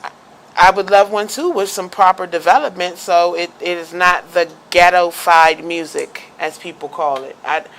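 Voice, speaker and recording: Gravelly DC-talk show host. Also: mid-range voice, normal speed, a bit bright, slight background noise, rough recording. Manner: emphatic, argumentative, stammers into points. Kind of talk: casual debate and show sign-off.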